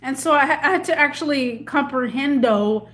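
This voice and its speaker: A woman's voice: high-pitched, moderate pace, a bit bright. A woman chatting casually with viewers on a livestream, emotional and slangy, rambling with lots of restarts. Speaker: livestream host.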